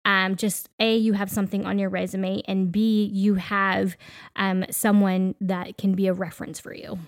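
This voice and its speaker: A woman's voice: medium pitch, little pitch movement, normal speed, dry recording, clean studio sound. A woman in her thirties co-hosting a podcast in casual, reflective chat with frequent fillers. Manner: conversational, reflective, many fillers. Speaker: podcast co-host.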